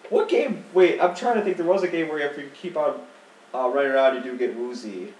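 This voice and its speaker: A man's voice: a little high, fairly quick, darkish tone. A man chatting and joking while commentating a video game. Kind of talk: casual let's-play commentary. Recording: echoey room, mic at a distance, faint noise.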